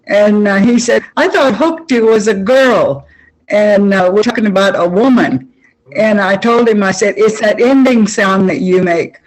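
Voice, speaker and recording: A woman's voice: medium pitch, fairly even intonation, moderate pace, low-quality recording. A woman in a language class, chatty, sharing a personal anecdote with the teacher. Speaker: student in the class. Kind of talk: casual class discussion.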